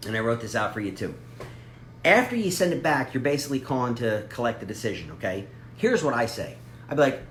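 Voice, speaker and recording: A man coaching a sales team and acting out example calls as he goes. His voice swings lively up and down at a fast clip. The room is echoey, with a faint hum behind him. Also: mid-range voice. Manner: animated, acts out sample phone calls. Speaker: sales trainer. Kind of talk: energetic coaching talk.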